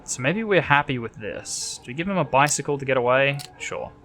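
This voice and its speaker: An Australian man narrates his own playthrough of a game, thinking aloud in a chatty, offhand way with the odd mild swear. His voice sits at a middling pitch and moves around a lot as he talks. Faint game music plays behind him. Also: animated, brisk, fairly bright tone. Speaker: let's play host. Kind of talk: casual gameplay commentary, reading game text aloud.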